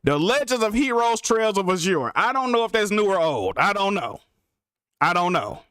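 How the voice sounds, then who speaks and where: A young man streaming live about games, ranting in an exasperated, profane way with big swings between loud outbursts and mutters. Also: sits high, sing-song, moderate pace, smooth, no room sound, studio quality. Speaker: gaming streamer.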